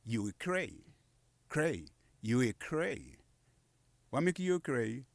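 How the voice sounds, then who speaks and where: A man talks through dialect phrases on a radio show, repeating each one patiently. His voice sits at a middle pitch. The sound is dry and close, with no room echo. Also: animated, takes it slowly, creaky. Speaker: guest teaching Kokoy dialect. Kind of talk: casual radio language lesson. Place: radio studio.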